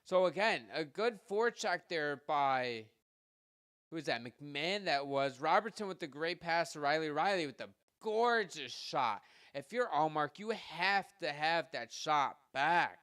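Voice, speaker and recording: Bright-voiced man calling hockey play-by-play. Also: fairly high pitch, animated, clear, resonant tone, dry recording, studio quality. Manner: rapid play-by-play that jumps louder on shots and goals; chatty asides to listeners. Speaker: podcast host doing live play-by-play. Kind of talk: live hockey play-by-play commentary.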